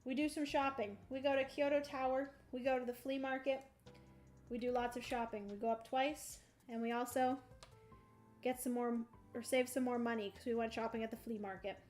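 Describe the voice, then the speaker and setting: A woman's voice: on the high side, steady tone, moderate pace, a little mellow, soft background music. A woman casually narrating her solo board game playthrough on a livestream, bubbly and playful, talking through each move. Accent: playful put-on country twang.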